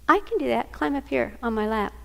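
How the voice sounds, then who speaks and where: An older Southern American woman gives a storytelling lecture at a workshop, animatedly recounting family stories and performing the voices of the people in them. Her voice is a little high and a little fast, with vocal fry.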